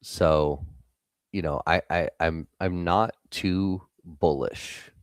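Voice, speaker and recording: A man's voice: sits low, slow, dry recording, studio quality. A young man hosting a live trading stream, giving blunt, casual market commentary and swearing freely.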